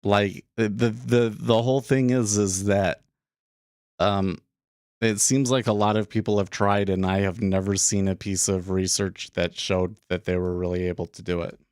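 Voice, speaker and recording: Guy hosting a trading stream, kinda low voice, restarts a lot, asks "right?" all the time, dry mic. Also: steady tone, normal speed, a little mellow, clear, resonant tone, no room sound. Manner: thinking aloud, frequent restarts and "right?". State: slightly out of breath. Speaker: day trading livestream host. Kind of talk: casual livestream talk. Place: small closed room.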